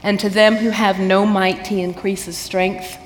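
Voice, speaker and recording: A woman's voice: medium pitch, level tone, measured pace. Earnest Southern woman telling her testimony. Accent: Southern American. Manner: earnest, heartfelt, quotes scripture, laughs easily. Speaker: guest sharing her testimony. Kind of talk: personal testimony at a church women's event. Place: church event space. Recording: reverberant hall, faint background noise.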